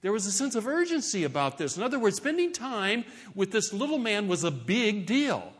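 A middle-aged man preaching a sermon in a conversational, animated way, with playful asides. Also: sits high, normal speed, breathy edge. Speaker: pastor.

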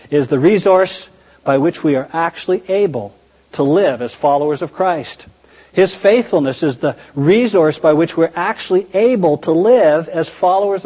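A man's voice: on the high side, dark tone, husky, big-room sound. A man preaching a sermon in a conversational, emphatic way, often posing rhetorical questions.

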